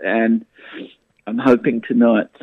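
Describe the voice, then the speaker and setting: A man with an animated storytelling manner, chatting as a guest in a radio interview. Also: medium pitch, slow, husky, dry recording. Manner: animated storyteller, frequent restarts. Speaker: comedian guest. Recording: tinny phone line.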